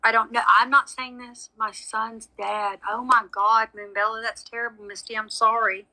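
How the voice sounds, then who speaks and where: A woman's voice: on the high side, flat delivery, normal speed, sharp tone, poor audio. A woman giving a live psychic reading, chatty and frank with frequent apologies. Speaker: psychic medium. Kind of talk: live social media reading.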